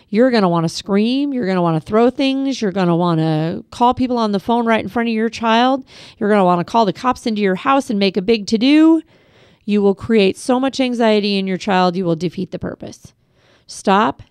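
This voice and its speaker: A middle-aged woman giving a parenting class over a webcast, calm and practical, speaking straight to parents with advice. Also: on the high side, clear, resonant tone, no echo, clean studio sound. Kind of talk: instructional webcast talk.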